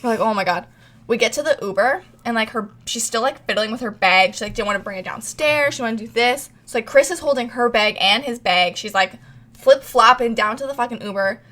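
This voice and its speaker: A woman's voice: fairly high pitch, brisk. A young woman co-hosting a casual podcast, telling a story animatedly, swearing freely and acting out what everyone said. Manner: animated, swears a lot, acts out quotes. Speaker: podcast co-host.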